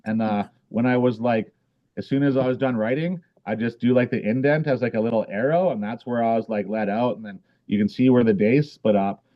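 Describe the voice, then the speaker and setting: A man's voice: medium pitch, a little fast, muffled recording. A man guest in a casual interview, talking in a rambling way with many fillers and restarts. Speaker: podcast guest, author.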